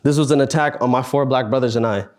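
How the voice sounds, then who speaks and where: A man's voice: medium pitch, darkish tone. Young man telling a personal story. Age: 20s. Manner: earnest, halting storytelling with sighs and pauses. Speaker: speaker at a student fellows meetup.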